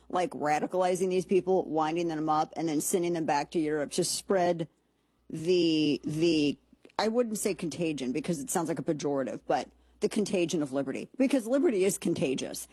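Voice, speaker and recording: A woman's voice: low-pitched, mellow, husky, no room sound. A woman hosting a commentary show, talking in a chatty, sarcastic, rambling way with lots of asides. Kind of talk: casual monologue commentary.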